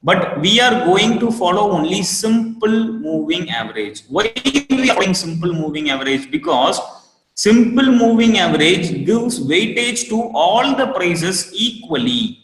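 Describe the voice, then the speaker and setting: A man with an Indian English accent teaching a live online trading class, repeating each point and asking students for a quick yes. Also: high voice, sing-song, fairly bright tone. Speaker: trading course instructor. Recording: roomy echo with long reverb.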